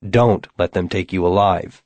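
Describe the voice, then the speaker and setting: A tense wizard gives quick hushed warnings to his apprentice, as a man acts him out. His low voice stays quiet and clipped. The recording is dry and close. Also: dry recording. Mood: urgent.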